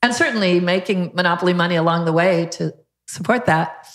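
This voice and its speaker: A woman's voice: lowish voice, fairly quick. An older woman, a podcast guest, telling a story and acting out what others said. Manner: lively storyteller who acts out quotes. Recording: roomy echo.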